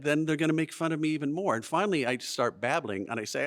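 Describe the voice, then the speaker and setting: A man's voice: on the high side, quick pace, fairly bright tone. A man telling a self-deprecating, comic personal story live on stage before an audience. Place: museum event space before an audience.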